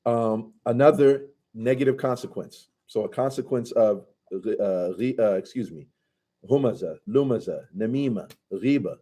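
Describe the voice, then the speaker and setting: A man's voice: on the low side, normal speed, mellow, husky. A man teaching a conversational scripture commentary class, casually asking his students questions and reciting Arabic passages.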